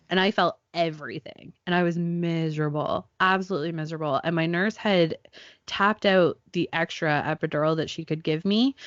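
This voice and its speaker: With a lowish voice, a woman in her thirties hosts a casual podcast chat, telling an animated story and acting out the people in it. The audio has no echo and sounds dull.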